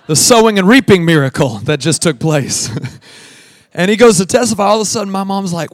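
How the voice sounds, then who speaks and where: Young male preacher, fairly high voice, dry close sound; moves from loud emphatic preaching to hushed storytelling, laughs at his own tales. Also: expressive, a little fast, no echo. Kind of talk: sermon with a told childhood story.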